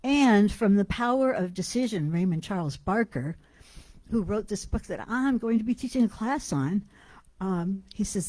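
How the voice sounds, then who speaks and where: Brief: calm woman church practitioner, mellow warm voice, dry close sound. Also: mid-range voice, measured pace, no echo, poor audio. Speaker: practitioner leading the service. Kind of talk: church service introduction.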